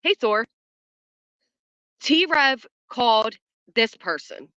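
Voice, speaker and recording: A woman's voice: fairly high pitch, sing-song, extremely slow, bright, forceful tone, no room sound, highs cut off. A woman hosting a casual livestream from home, chatting with her viewers and reacting to the chat in a blunt, foul-mouthed way, laughing often. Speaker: livestream host. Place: at home, early morning.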